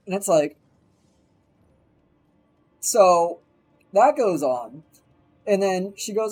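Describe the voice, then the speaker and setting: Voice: medium pitch, measured pace, long pauses, darkish tone, faint music behind, poor audio. A streamer telling a story in a casual live stream, swearing freely, rambling and acting out the people being quoted.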